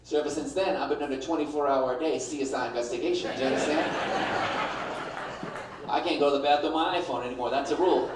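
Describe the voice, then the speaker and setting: A man's voice: fairly high pitch, fairly even intonation, fast, recorded from a distance, very noisy. A middle-aged man doing a stand-up comedy set, punchy and brash, slipping into mimicked voices. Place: comedy club stage with an audience. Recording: echoey room, picked up from afar.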